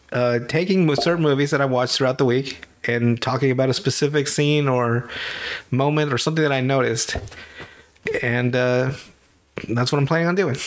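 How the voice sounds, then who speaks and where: A man's voice: mid-range voice, normal speed, a little hiss or hum. A man with a stuffy nose, co-hosting a podcast and recapping a movie in a rambling, casual way. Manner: rambling, self-correcting, swears and laughs. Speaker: podcast co-host.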